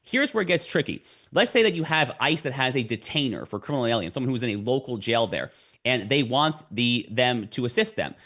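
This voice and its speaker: A man's voice: medium pitch, big pitch swings, brisk, fairly bright tone. A man as a podcast guest, explaining at length in a lecturing way and repeating words as he starts his sentences. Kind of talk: explanatory conversation.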